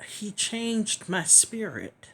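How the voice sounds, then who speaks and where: Slow, earnest woman sharing her testimony. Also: mid-range voice, sing-song, a bit bright, a little hiss or hum. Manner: earnest, pauses often, drops to whispers. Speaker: chronic illness vlogger. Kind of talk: personal testimony, reflective and emotional.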